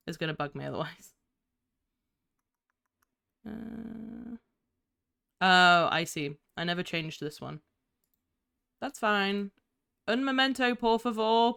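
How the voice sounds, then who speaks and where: Bright, giggly young woman streamer. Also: lowish voice, measured pace, gravelly, long pauses. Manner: giggly, chatty, easily distracted. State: tired. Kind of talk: casual live-stream chat.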